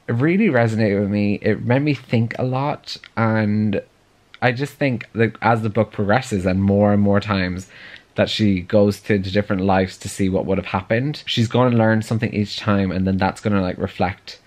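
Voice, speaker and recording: A man's voice: lowish voice, fairly even intonation, moderate pace, darkish tone. A man chatting casually in a reading vlog, filling his talk with "like" and drifting into tangents. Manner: chatty, many "like" fillers, goes off on tangents. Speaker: book vlogger.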